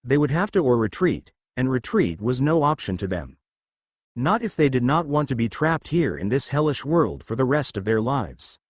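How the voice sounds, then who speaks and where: A man narrating a fan fiction story in a steady storybook manner. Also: mid-range voice, normal speed, breathy edge, no echo, studio quality.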